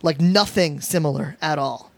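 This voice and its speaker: A man with a high-pitched voice hosts a casual gaming talk show, going over the news. He is laid-back and chatty, with frequent "um"s and hesitations. The sound is dry and close. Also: moderate pace, vocal fry, no room sound. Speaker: podcast host presenting news. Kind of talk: casual chat.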